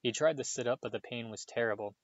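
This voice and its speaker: A man reading a novel aloud in a steady storytelling voice, with small slips now and then. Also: medium pitch, fast talker, no room sound, highs cut off. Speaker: audiobook reader.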